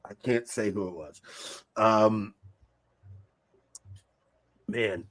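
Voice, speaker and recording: A man's voice: fairly low pitch, very slow, fairly bright tone, dry recording. A man from Long Island with a New York accent, hosting a casual podcast chat, laughing often and restarting his sentences. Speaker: podcast host.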